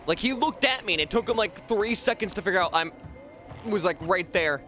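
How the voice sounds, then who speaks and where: A streamer giving live gameplay commentary, excitable, swearing often and talking to chat. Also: medium pitch, brisk, soft background music.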